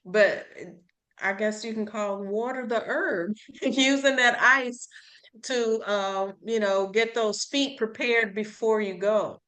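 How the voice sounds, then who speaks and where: A woman chatting loosely on a talk show, laughing easily as she shares tips. Her voice is bright and forceful and sits a little high. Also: slow pace. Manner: relaxed, chatty, laughs often. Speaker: co-host of herbal talk show. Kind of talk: casual chat.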